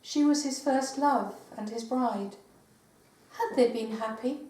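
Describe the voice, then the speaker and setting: An older woman poet giving a live poetry reading in a meeting house, with measured recitation and hesitant spoken asides. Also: a little high, warm tone. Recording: roomy live recording from far off.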